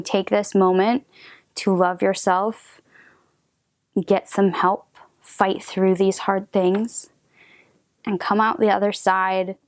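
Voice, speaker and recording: Slow, soft-spoken woman. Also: medium pitch, no echo, studio quality. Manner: soft-spoken, often drops to a whisper, hesitant restarts. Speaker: tarot reader. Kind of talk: slow, gentle tarot reading.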